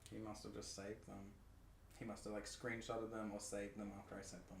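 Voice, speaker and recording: A man's voice: lowish voice, little pitch movement, fairly quick, gravelly. A young man co-hosting a podcast, telling a story in a dramatic, profane way. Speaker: podcast co-host. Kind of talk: casual podcast chat. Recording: echoey room with faint noise.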